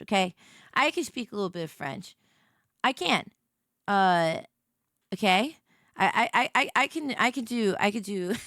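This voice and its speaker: Woman streamer, playful rambler who stumbles over her words, high voice, dry close sound. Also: sharp tone, no room sound. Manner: rambling and playful, stammers and repeats herself, swears. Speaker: livestreamer. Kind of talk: casual stream chat.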